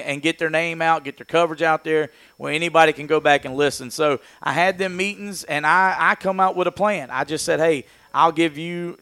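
A man's voice: a little high, fairly bright tone, clear, resonant tone, no echo. A man, a sports broadcaster, talking in a folksy, rambling way on a casual sports talk show. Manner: folksy, rambling, laughs easily.

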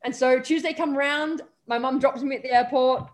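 Speaking fairly quickly in a high-sitting voice, a young Australian woman shares lively anecdotes as an interview guest. She performs on stage, and here she chats away, voicing the people she quotes and filling gaps with frequent "um" and "like".

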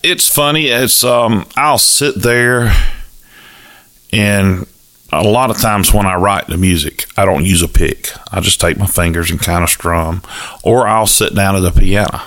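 A man's voice: low-pitched, unhurried, a bit bright. A man with a south Georgia Southern accent, a country gospel singer telling folksy stories as a guest in a casual chat. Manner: folksy, easygoing storyteller.

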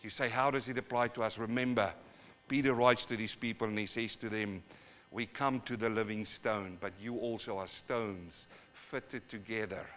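A pastor with a New Zealand accent, born in South Africa, preaching a live sermon in church and swinging from quiet to loud, dramatic urging. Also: male voice, lowish voice, fairly even intonation, normal speed, slight background noise. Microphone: live sermon recording.

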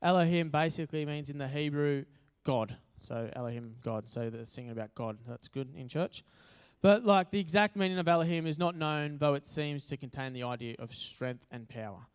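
A man's voice: fairly high pitch, moderate pace, few pauses, smooth. An Australian man giving a casual, chatty sermon at church, joking and using lots of fillers. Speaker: preacher. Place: church hall.

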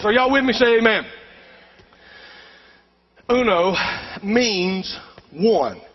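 High-voiced preacher in a reverberant church. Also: male voice. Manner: emphatic preaching with call-and-response to the congregation. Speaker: pastor. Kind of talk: sermon. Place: church sanctuary. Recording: dull recording with long hall reverb.

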